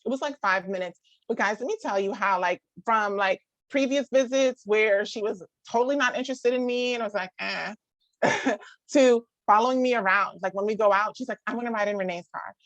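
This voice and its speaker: Recorded in lo-fi with no room sound, a mid-range woman's voice discusses parenting with a live group. She's in her thirties and chatty, using "like" constantly, restarting sentences, laughing frequently and acting out others' voices.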